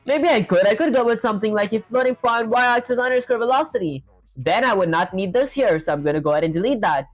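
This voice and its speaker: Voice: mid-range voice, lively intonation, fast talker, no echo, soft background music. A streamer thinking aloud while coding live, talking casually and rambling with frequent self-corrections, and answering chat questions.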